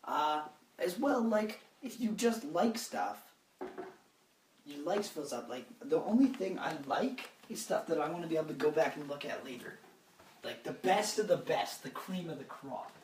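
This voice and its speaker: A young man, sick with a cold, rambles through a casual podcast chat in a fairly high voice. He cracks dry jokes at his own expense. He is recorded on a phone lying on a table, with a faint hiss behind him. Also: lively intonation, moderate pace, echoey room, rough recording. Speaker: podcast co-host. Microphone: phone laid on a table.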